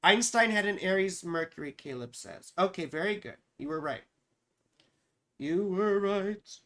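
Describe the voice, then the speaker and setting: A woman's voice: lowish voice, expressive, fairly quick, bright, forceful tone. Profane joking woman astrologer. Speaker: astrologer hosting a livestream. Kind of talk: casual live chat reading viewer comments.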